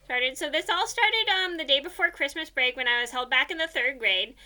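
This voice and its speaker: A woman's voice: high voice, animated, brisk, pushed and bright. A young woman casually telling a personal story, rambling with many fillers and repeated "blah, blah, blah.".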